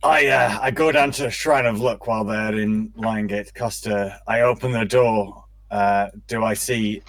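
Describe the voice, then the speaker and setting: A man playing in a tabletop game over a call, slowly describing his character's actions. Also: lowish voice, steady tone, a bit bright, dry recording. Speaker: player.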